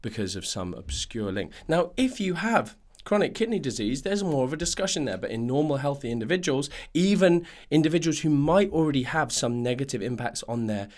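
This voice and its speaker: A man's voice: mid-range voice, expressive, brisk, hardly any pauses, darkish tone. A man hosting a nutrition podcast, ranting in a casual monologue full of fillers and restarts.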